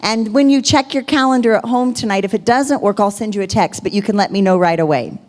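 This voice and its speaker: A woman co-leading a sales training over a video call, with a voice of middling pitch. She talks in an upbeat way, acting out the exact lines she uses on customers. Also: quick pace, darkish tone. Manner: upbeat, demonstrates scripts. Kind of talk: role-played sales pitch.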